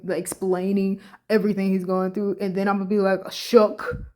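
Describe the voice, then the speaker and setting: A woman talks breathlessly into her phone, rambling through her reactions with lots of fillers. Her voice sits in a middle pitch, casual and emotional. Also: little pitch movement, normal speed, darkish tone. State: short of breath. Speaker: vlogger reacting to clips.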